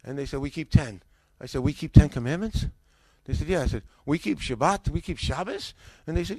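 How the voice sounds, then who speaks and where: Speaking a little high and fairly quickly, with a slightly rough edge, the older American ex-pastor rarely pauses as he casually recounts his story. He's animated, raising his voice to act out what people said, and the recording is dry.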